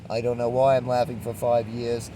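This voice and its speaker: A man's voice: mid-range voice, monotone, normal speed, background noise. A man rambling in a laid-back spiritual monologue while traveling, swearing now and then. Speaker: traveling vlogger. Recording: outdoor street recording from a distance.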